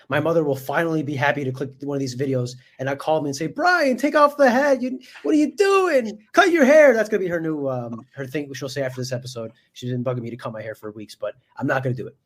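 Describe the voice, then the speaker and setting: A man co-hosting a casual sports podcast from a hotel room, easygoing and quick to laugh. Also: medium pitch, steady tone. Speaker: sports reporter and co-host.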